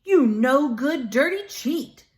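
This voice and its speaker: Furious cheated man shouting at a thief, as a woman reads him. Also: high voice, animated, takes it slowly, voice pushed up. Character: angry male passerby shouting for police.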